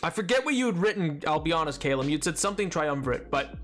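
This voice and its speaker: A man's voice: fairly high pitch, animated, fast talker, a bit bright, soft background music. A man streaming live, chatting casually with viewers in a rambling, self-mocking way and laughing often.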